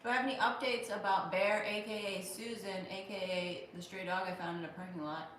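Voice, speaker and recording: She's an American livestream host in her thirties, casually reading viewer comments, thanking people by name and joking in a wry tone. Her mid-range voice is a bit bright and brisk, with fairly even intonation. Recorded on a distant mic, it has roomy echo and a little hiss or hum.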